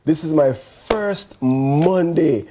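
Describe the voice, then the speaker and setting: A man's voice: on the high side, a little hiss or hum. A man with a Jamaican accent co-hosting a morning show, chatting casually and laughing often. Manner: lively, laughing, quick to agree. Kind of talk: casual chat.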